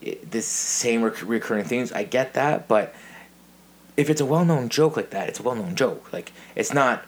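A podcast host in his thirties spins stories and laughs a lot in a relaxed chat. His voice is mid-range and his pace moderate, his storytelling animated.

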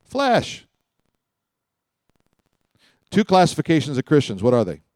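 Joking, animated male Bible teacher. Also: on the high side, unhurried, no room sound, clean studio sound. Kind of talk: teaching sermon.

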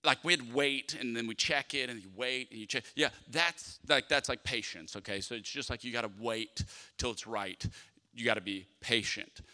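Bright-voiced pastor in a reverberant hall. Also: male voice, mid-range voice, normal speed. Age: 30s. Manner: animated storyteller, acts out dialogue, playful asides to the congregation. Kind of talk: sermon with storytelling. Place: church sanctuary.

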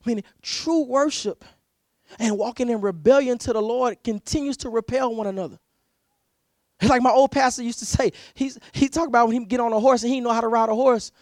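A man with a high voice preaches a conversational sermon, weaving in personal stories. He stumbles and repeats words as he restarts sentences, then throws himself into the voices of the people he quotes. The sound is close and dry, with no room around it. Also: fairly quick, no echo. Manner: animated storyteller who repeats words as he restarts; acts out quoted voices loudly. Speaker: pastor.

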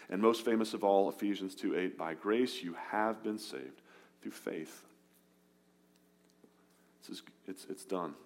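A pastor preaches an earnest sermon to his congregation. His voice rises for emphasis, then drops soft and low on key words.

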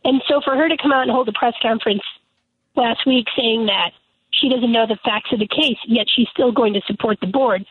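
A woman lawmaker calls in to a radio interview, emphatic and indignant in how she argues her case. Her voice sits a little high and sounds husky. It comes through a tinny, dry phone line. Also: fairly quick, no echo. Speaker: lawmaker guest. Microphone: telephone.

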